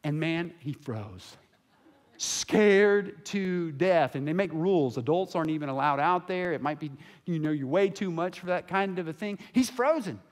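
A man preaching a sermon as pastor in a church sanctuary, swinging between hushed and loud. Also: on the high side, animated, normal speed.

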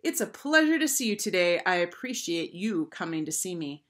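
A woman reading aloud and voicing a kind, patient school counselor who speaks gently and encouragingly. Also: on the low side, very animated, normal speed. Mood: gentle.

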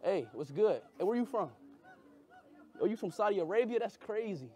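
A young man streaming a casual vlog, talking in loud, excitable bursts. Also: sits high, normal speed. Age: young adult.

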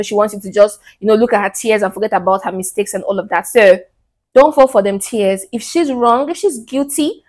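A young woman giving casual relationship advice to men, lively and blunt, acting out the people she quotes. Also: a little high. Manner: animated, mocking quoted voices, laughs.

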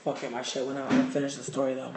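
A man telling a wild story to his livestream in a casual, profane, animated way, recorded on a phone at home. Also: medium pitch, rapid-fire, very noisy. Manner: animated, profane, gets loud and excited in the telling. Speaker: livestream host. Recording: roomy echo.

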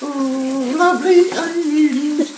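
A woman's voice: high voice, takes it slowly. A woman voicing a silly male puppet cook in a put-on accent, sing-song and hamming it up. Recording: echoey kitchen with frying noise.

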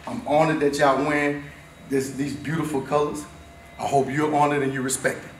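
A man in his fifties giving an emphatic, repetitive motivational talk to a school team in a locker room, swinging between shouting and low, intense stretches. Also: level tone, normal speed. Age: 50s. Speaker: motivational speaker. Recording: very echoey room, voice far off, faint noise.

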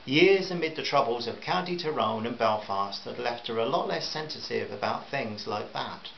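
A man reading a novel aloud at a measured pace with small stumbles, in a roomy, slightly dull recording with faint hiss. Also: medium pitch, expressive, creaky. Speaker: audiobook narrator.

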